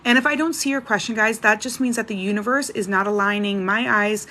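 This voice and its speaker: Woman livestream psychic, mid-range voice, brisk chatty delivery. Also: medium pitch, pushed and bright, slight background noise. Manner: brisk, chatty, reads names and questions off. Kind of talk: live-stream Q&A reading.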